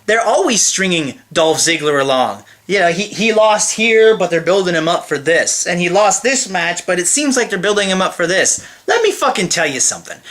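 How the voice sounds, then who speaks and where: Man, high voice, tense edge, heated profane rant, exasperated. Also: pushed and bright. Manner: heated, swears constantly, exasperated. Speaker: wrestling event reviewer. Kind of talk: profane ranting review.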